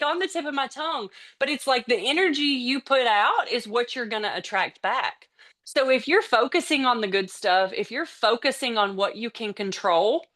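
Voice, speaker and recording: Excitable, chatty woman trainer. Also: on the high side. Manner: excitable and energetic, gets out of breath from excitement; chatty, with casual slips and restarts. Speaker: team trainer on a business call. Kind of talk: motivational training talk.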